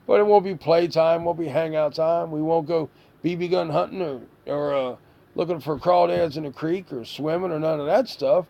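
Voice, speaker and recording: A man's voice: fairly high pitch, moderate pace, creaky, dull audio. A man giving a stern, exasperated lecture to a child, full of rhetorical questions. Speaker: stepfather figure scolding a child.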